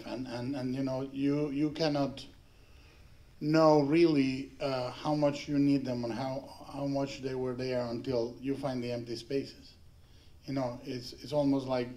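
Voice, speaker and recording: A middle-aged man from Mexico speaking as a panelist at a film tribute, telling rambling, halting anecdotes with frequent restarts and laughter. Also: a little high, dark tone. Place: panel before an audience.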